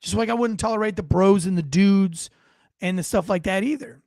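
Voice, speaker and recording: A man's voice: high voice, moderate pace, darkish tone, dry recording, studio quality. A middle-aged man, a former police officer, giving blunt, profane and indignant video commentary.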